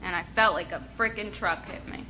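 A woman's voice: on the low side, a little fast, pushed and bright, a little hiss or hum, poor audio. A woman in her thirties giving an earnest, emotional personal testimony, with touches of wry humor. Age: 30s. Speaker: speaker sharing her recovery story.

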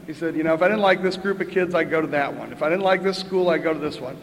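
An older man speaks in a fairly high register for a man, sharing his recovery story with dry humor and a conversational rhythm. His voice carries the long echo of a meeting hall, with faint room ambience underneath. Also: fast, slight background noise. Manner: chatty, wry, punctuates with "right?" and laughs. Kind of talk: storytelling share at a twelve-step meeting.

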